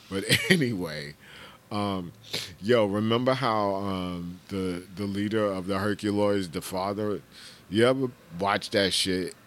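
A middle-aged man hosting a podcast, rambling in casual chat, laughing and swearing, with bursts of shouted impressions. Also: fairly low pitch. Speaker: podcast host.

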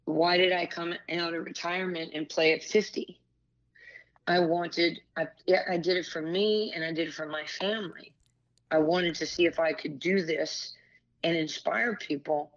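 A woman's voice: fairly low pitch, normal speed, dull audio. A woman in her sixties, a former pro basketball player and broadcaster, telling candid stories as an interview guest with lots of asides and restarts. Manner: animated storyteller, many asides and restarts. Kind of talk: candid storytelling conversation.

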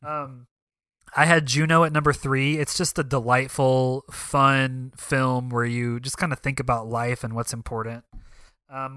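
A man co-hosting a casual podcast, his voice bright and crisp. He talks in a chatty way, dropping plenty of "um" fillers. The sound is dry and close to the mic. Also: mid-range voice, no room sound. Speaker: podcast co-host. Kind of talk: casual film discussion.

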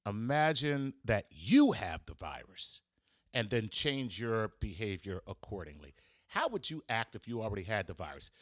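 Guy comedian doing a solo podcast from home, sarcastic jokey rambling, really lively voice. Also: fairly low pitch, normal speed, no echo, studio quality. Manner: animated, sarcastic and joking. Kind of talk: casual comedic monologue. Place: room at home.

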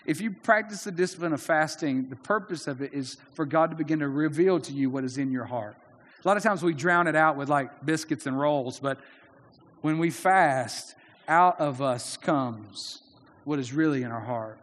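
A man's voice: on the high side, normal speed, a bit bright, long reverb tail. A man preaching a sermon in an earnest, conversational way, often restarting his sentences. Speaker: pastor.

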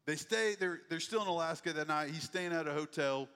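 A man delivers a sermon with an animated storyteller's flair, acting out the voices of the people in his story. His voice sits a little high for a man. It rings out with the long reverb of a large hall. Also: brisk, smooth. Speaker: pastor.

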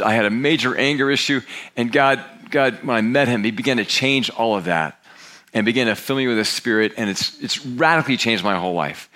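A man's voice: medium pitch, bright, forceful tone. A man in his sixties, a pastor giving a candid, conversational sermon with frequent restarts. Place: church sanctuary.

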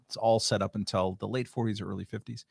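A man's voice: lowish voice, steady tone, quick pace, gravelly, slightly rough, no room sound, clean studio sound. A man from the United States hosting a casual conversation, rambling with many fillers. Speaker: host.

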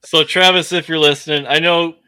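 A man's voice: on the high side, fairly even intonation, brisk, crowd noise. A man co-hosting a casual podcast, reacting with enthusiasm and easy slang. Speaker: podcast co-host. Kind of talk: casual chat.

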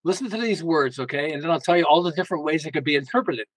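A man speaking as a guest in an interview, an emphatic, lively storyteller who often restarts his sentences. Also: fairly high pitch, very fast, no room sound, low-quality recording. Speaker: guest author. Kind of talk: casual interview talk.

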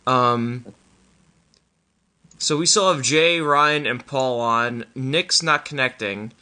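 A man with a Midwestern American accent hosting a casual live-streamed show, animated, with frequent restarts and laughter. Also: mid-range voice, takes it slowly. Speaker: podcast host.

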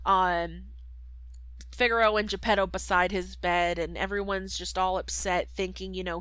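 A woman's voice: lowish voice, steady tone, normal speed, a bit bright, smooth, dry recording, rough recording. Chatty woman recapping a movie. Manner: chatty, lots of fillers and voices. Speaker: podcast co-host.

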